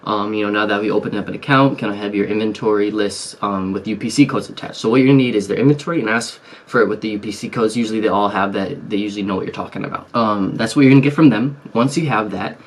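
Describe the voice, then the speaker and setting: A man's voice: on the low side, fast, few pauses. A man casually explaining an online selling method to his viewers, rambling with frequent fillers and restarts. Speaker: YouTube business vlogger. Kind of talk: casual tutorial chat.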